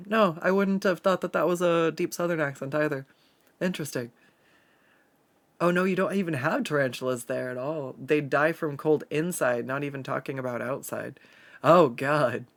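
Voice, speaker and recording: Laid back pnw streamer chatting while doodling, swears a lot, laughs a lot, mid pitch. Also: a bit bright. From Pacific Northwest. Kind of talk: casual chat while drawing and reading chat aloud.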